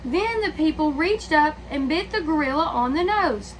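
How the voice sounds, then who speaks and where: A woman reading a children's picture book aloud, pausing to ask her listeners questions. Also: high voice, animated, a little hiss or hum, rough recording.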